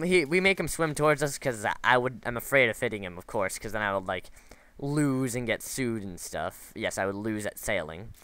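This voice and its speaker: Guy rambling over his gameplay, lots of um and like, crisp bright voice. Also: mid-range voice, no room sound. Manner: rambling, lots of fillers and restarts, wanders off into stories. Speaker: gameplay commentator. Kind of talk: casual game commentary.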